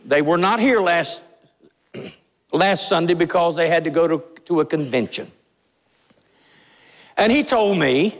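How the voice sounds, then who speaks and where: A pastor preaching a sermon in a church, fiery and emphatic, pressing his points with rising intensity. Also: on the high side. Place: church sanctuary. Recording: long reverb of a large church hall.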